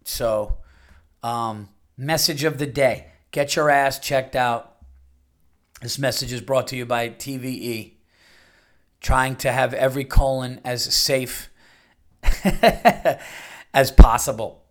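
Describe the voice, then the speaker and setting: A man's voice: medium pitch, fairly even intonation, takes it slowly, pauses often. A man, under fifty, hosting a podcast in a casual monologue, blunt and crude, rambling with many fillers. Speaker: podcast host.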